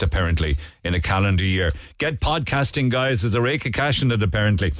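A man's voice: lowish voice, animated, quick pace, few pauses, no room sound. A man with an Irish accent hosting a radio show, chatting his way through the morning papers with digressions, restarts and asides. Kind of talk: casual newspaper review chat.

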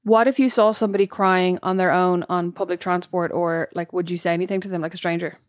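A woman's voice: on the low side, fairly even intonation, quick pace, no echo, clean studio sound. A woman co-hosting a casual chat podcast, talking things through with lots of "like" and "you know". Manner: reflective, talks things through with many fillers. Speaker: podcast co-host.

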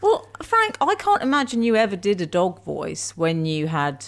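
A woman's voice: lowish voice, wildly swooping pitch, normal speed, creaky. A woman co-hosting a casual radio chat from home, chatty and teasing. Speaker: radio co-host. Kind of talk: casual banter.

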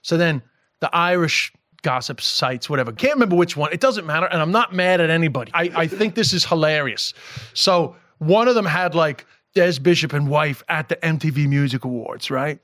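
A middle-aged man from New York, a comedian guest on a casual podcast, telling stories in an animated, profane way with bursts of laughter. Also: fairly high pitch, normal speed, no echo, clean studio sound.

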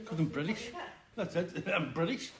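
A man's voice: fairly high pitch, expressive, moderate pace, a crowd in the background. A man answering a street interview, insisting and repeating himself.

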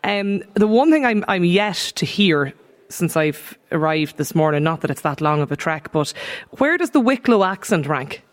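A woman hosting live radio on location, bubbly and quick to laugh as she reads out listener texts. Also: fairly low pitch, lively intonation. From Donegal, Ireland. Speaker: radio host. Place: live broadcast from a hotel.

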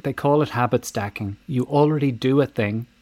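A man hosting a podcast, talking in a relaxed, casual way. He jokes and gets animated as he reads out a listener's email. His pitch sits in the middle range. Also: normal speed, dry recording. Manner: joking, animated. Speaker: podcast host.

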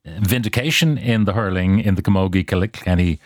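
An older Irish man hosts a radio sports chat, relaxed and measured, pausing to think before his questions. His voice sits low and comes across close and dry. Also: no echo. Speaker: radio host. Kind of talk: radio talk show chat.

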